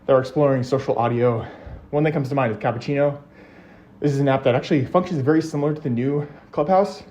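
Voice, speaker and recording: Quick-talking man, a bit winded. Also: medium pitch, a little mellow. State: slightly out of breath. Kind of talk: casual chat.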